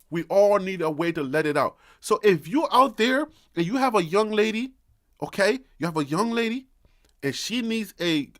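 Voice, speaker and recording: A man's voice: sits high, fairly bright tone. A man hosting a sports channel, talking casually and animatedly to his viewers, sometimes preachy, sometimes teasing with laughs. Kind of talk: casual live-stream chat.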